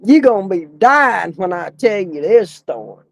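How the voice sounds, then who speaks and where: A woman's voice: medium pitch, sing-song, unhurried, creaky, no echo, rough recording. A middle-aged woman, telling a story in casual podcast chat, laughing often and swearing casually. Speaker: podcast co-host, former funeral director.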